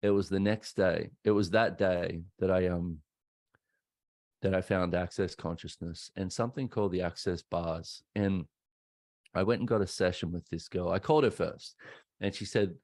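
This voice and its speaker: A man's voice: deep voice, normal speed, darkish tone, no room sound, clean studio sound. An Australian man in his thirties, a podcast host telling a candid personal story in a casual, conversational way. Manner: candid, conversational, acts out quoted voices.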